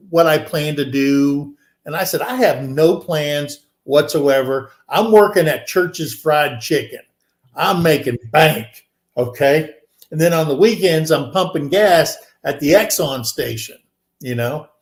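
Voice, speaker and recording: A man's voice: a little high, measured pace. A man in his sixties, co-hosting a show, telling a rambling story and acting out the people in it with a raised voice. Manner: animated, acts out quoted people in a raised voice; rambling with many fillers and restarts. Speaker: podcast co-host. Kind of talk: casual storytelling. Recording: echoey room.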